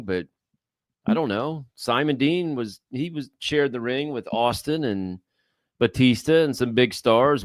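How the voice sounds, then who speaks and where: A man's voice: medium pitch, no room sound, clean studio sound. A man co-hosting a casual chat, reading viewer questions and thinking aloud hesitantly with many fillers. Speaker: co-host.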